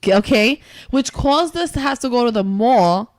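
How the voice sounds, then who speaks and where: A woman's voice: on the high side, animated, normal speed, dry recording. A woman co-hosting a podcast in casual chat, blunt and teasing, swearing freely. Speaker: podcast co-host.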